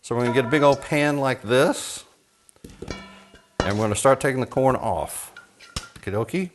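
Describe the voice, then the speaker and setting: Over music, a man of medium pitch speaks at a normal speed on a low-quality recording. He's from Texas, cooking in his home kitchen and demonstrating a recipe with folksy jokes while bacon sizzles and fries.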